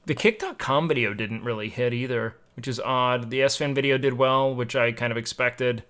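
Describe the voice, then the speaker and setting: A man's voice: mid-range voice, moderate pace, a bit bright. A young man livestreaming, chatting casually and musing aloud to his chat, swearing now and then, at a home desk mic.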